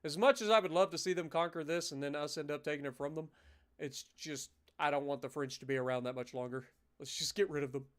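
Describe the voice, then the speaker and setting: A man thinking aloud in casual commentary on a live strategy game, his throat a little rough and often cleared, with the odd curse. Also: a little high, fast talker. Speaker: game streamer.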